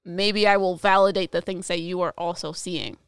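A woman's voice: lowish voice, steady tone, clean tone, no room sound, clean studio sound. A woman co-hosting a chat show as a psychic medium, telling a story in a chatty way, full of fillers. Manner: chatty, many "like" fillers, gets quicker when stressed. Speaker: podcast co-host, psychic medium.

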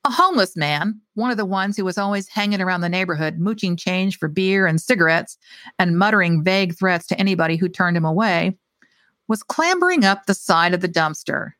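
A woman's voice: fairly low pitch, expressive, fairly quick, a bit bright, dry recording. A woman author reading her own short story aloud with expression, and chatting casually and hesitantly about it afterwards.

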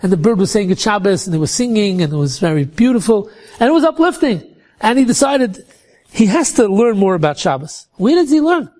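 Guy telling a story, high voice, animated, repeats words a lot. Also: a little fast. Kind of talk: told religious story.

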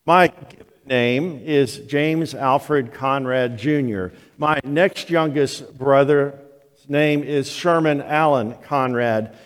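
An older man preaching a sermon as pastor, telling the story slowly and deliberately. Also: mid-range voice. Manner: slow, deliberate storytelling delivery. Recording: long hall reverb of a church.

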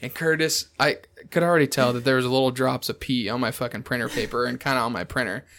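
A man's voice: medium pitch, fairly even intonation, fast talker, fairly bright tone. Guy on a podcast telling a dumb drunk story, cursing a lot, laughing through it. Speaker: podcast host. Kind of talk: casual storytelling chat.

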